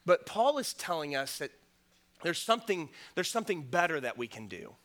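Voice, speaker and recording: Earnest bright-voiced male preacher. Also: a little high, big pitch swings, moderate pace. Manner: earnest, repeats words, many fillers, rises to emphatic peaks. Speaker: pastor. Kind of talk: sermon.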